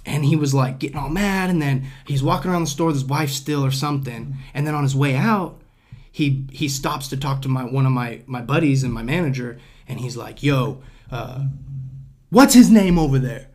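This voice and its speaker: A man's voice: mid-range voice, steady tone, fairly quick. A young man hosting a podcast, telling a story in casual chat, acting out the other people's voices and swearing freely. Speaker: podcast host.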